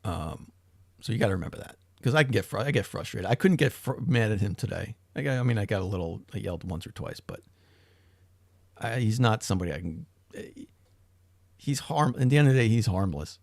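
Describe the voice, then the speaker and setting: A man's voice: on the low side, expressive, a little fast, creaky, no echo. A middle-aged man hosting a livestream, chatting casually and rambling with frequent restarts and swearing. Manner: rambling, profane, self-interrupting. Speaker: livestream host.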